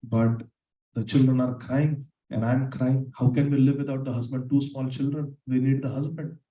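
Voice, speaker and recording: A man voicing a grieving, humble village mother who speaks in a sorrowful, low-key way. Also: little pitch movement, moderate pace, reverberant, distant mic, highs cut off, close to an everyday voice.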